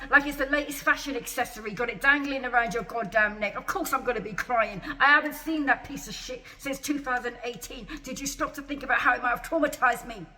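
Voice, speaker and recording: A distressed patient vents in an emotional vlog rant, agitated and repeating rhetorical questions again and again. Her slightly high voice sounds pushed and bright.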